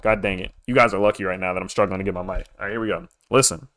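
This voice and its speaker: A young man streaming live about crypto, hyped and pushy as he begs viewers for likes and gives shout-outs. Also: sits low, fairly even intonation, very fast. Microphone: desk microphone.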